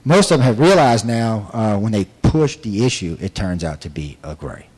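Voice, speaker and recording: Rambling, emphatic man with a low voice. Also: expressive, normal speed, darkish tone, slightly rough, rough recording. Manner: rambling, emphatic, frequent restarts. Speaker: abduction researcher and regression investigator. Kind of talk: casual talk to an audience.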